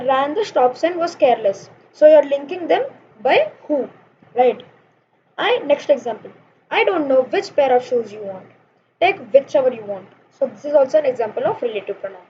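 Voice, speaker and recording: Young woman, high mellow voice, patient grammar teacher, lo-fi home recording. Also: expressive. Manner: explains slowly with examples, fillers and "guys". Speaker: online English teacher. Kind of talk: informal grammar lesson. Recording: dull lo-fi sound with faint noise.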